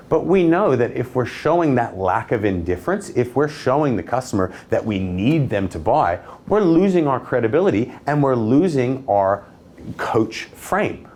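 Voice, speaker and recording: A man's voice: fairly low pitch, darkish tone. A young man teaching sales techniques, confident and cheeky, stressing a firm downward inflection. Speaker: sales trainer. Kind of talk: instructional talk to camera.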